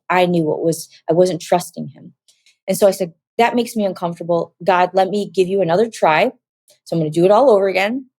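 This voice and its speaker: A woman's voice: lowish voice, warm tone, no room sound. A woman giving a personal faith testimony, telling her story vividly, acting out the voices she quotes, and at times close to tears.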